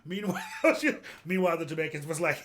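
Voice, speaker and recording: A man co-hosting a podcast, chatting casually and telling stories with lively, acted-out asides. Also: on the high side. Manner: animated, quick storytelling with expressive quoted asides. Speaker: podcast co-host. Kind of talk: casual chat.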